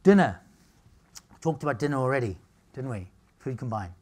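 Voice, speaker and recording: A man's voice: mid-range voice, lively intonation, a little fast, darkish tone. A middle-aged man holds forth at a live seminar. He talks in brash, punchy bursts, cracks jokes, and keeps asking his audience "all right?" before moving on. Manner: brash, punchy, jokey, asks "all right?" and "okay?" often. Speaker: nutritionist giving a talk.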